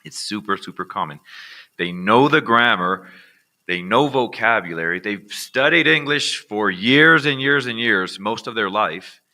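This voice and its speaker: An American man teaching accent reduction in a relaxed, conversational way, often checking in with "all right". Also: fairly low pitch, measured pace. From United States. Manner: casual, repeats "all right" as a check-in with viewers. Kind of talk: recorded online lesson.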